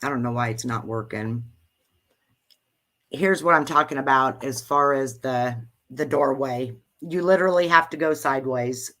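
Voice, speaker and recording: A woman's voice: a bass voice, moderate pace, a bit bright. A woman hosting a casual livestream, chatty and often sidetracked by technical troubles. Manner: chatty, distracted by tech troubles. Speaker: host.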